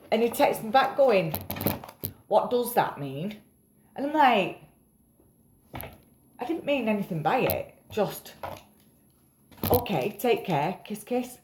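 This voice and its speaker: A woman's voice: mid-range voice, lively intonation, a little slow, pauses often, a little mellow. Woman, tired, rambling vlog chat, swears casually, echoey room, faint background noise. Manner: chatty, rambling, swears casually, self-mocking. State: tired after a night up. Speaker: vlogger.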